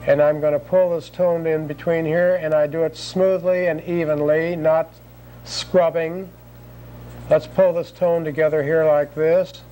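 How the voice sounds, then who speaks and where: A man calmly narrating each step of a drawing demonstration as an instructor, repeating short phrases as he works. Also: a little high, rough recording. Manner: calm, repetitive narration of each stroke.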